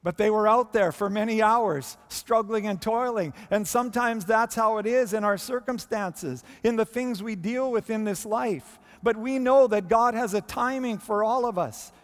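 A man preaching a sermon with expressive delivery and dramatic pauses. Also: high-pitched. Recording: long hall reverb.

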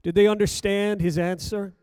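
A man preaching a sermon, reading scripture aloud in a slow, measured delivery that rises for emphasis and drops low at the ends of phrases. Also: flat delivery, a little mellow, clean tone, no room sound, clean studio sound.

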